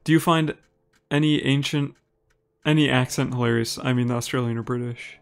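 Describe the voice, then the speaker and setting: A man from Minnesota with an Upper Midwest American accent, a live streamer giving relaxed, chatty gameplay commentary and reading viewers' messages aloud. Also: medium pitch, moderate pace, creaky, clear, resonant tone. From Minnesota, United States. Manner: relaxed and chatty, laughs easily, talks to viewers by name.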